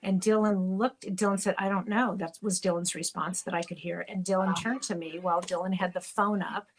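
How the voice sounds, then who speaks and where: A woman's voice: medium pitch, steady tone, fairly quick, a little hiss or hum, rough recording. A middle-aged woman, an interview guest and mother, telling a personal story candidly and at times getting choked up. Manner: candid, gets choked up at moments.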